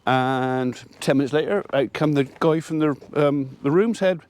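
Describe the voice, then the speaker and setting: A man's voice: fairly high pitch, a little slow, darkish tone, no echo. A man, a farmer, chatting casually to camera as he tells a rambling story about his day. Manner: chatty, rambling anecdote with quoted dialogue. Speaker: farmer vlogger.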